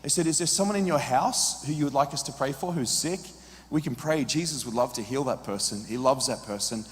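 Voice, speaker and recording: A man preaching a sermon as a story, moving between hushed, quiet passages and loud, urgent peaks. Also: mid-range voice, brisk. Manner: drops to hushed quiet in tender moments. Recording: long reverb of a large hall.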